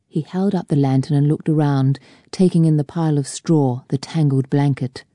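A woman reading a novel aloud in a measured, even narration on a close mic. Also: deep voice, dry recording. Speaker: audiobook narrator. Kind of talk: scripted narration.

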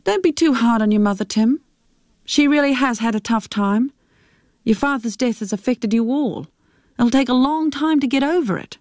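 A woman's voice: a little high, moderate pace, a little mellow, no echo, studio quality, voice pushed up, close to an everyday voice. A woman voicing a composed adult woman in a spoken story, soothing and in command. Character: calm composed woman, smoking on a couch.

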